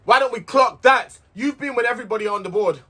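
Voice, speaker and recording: A man's voice: extremely high pitch, fast talker, pushed and bright. A man recapping a reality show in a casual, heated, sweary rant, repeating himself as he vents.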